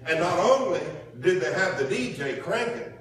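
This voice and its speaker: A man's voice: high-pitched, animated, moderate pace, a bit bright, a little hiss or hum. A man preaching a sermon in a folksy, colloquial way, drawing call-and-response from the congregation. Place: church sanctuary. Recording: echoey room from far off.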